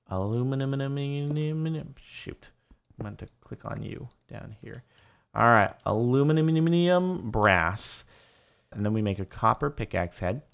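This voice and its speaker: Gravelly young man narrating his game. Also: fairly low pitch. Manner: chatty, jumps to panicked yelling. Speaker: gaming YouTuber. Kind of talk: live Minecraft commentary.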